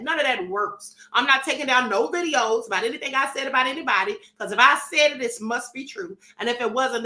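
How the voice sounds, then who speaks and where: Sassy high-voiced woman streamer. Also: pushed and bright, echoey room. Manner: sassy, defiant and emphatic, often laughing. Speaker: host of a live-stream commentary show. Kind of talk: livestream commentary reading chat comments.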